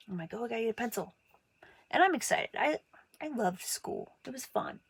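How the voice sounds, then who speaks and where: A woman's voice: normal speed, long pauses, husky, no echo. Woman telling stories in a dry room. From Montana. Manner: animated, acts out quoted voices with big pitch jumps. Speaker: artist telling her life story. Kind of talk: casual personal storytelling.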